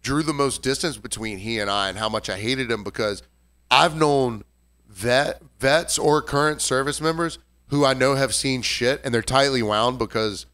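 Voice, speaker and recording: A man telling a story in casual podcast chat, animated and profane. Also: medium pitch, normal speed, clear, resonant tone.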